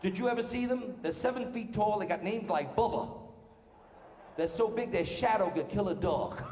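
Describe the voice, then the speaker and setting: Brash New stand-up comic, echoey club. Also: male voice, high-pitched, a little mellow, highs cut off, slight background noise. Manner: brash rapid-fire joke delivery, putting on characters' voices. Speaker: stand-up comedian. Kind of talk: stand-up comedy routine. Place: stage before a live audience. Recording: echoey live club sound with room reverb.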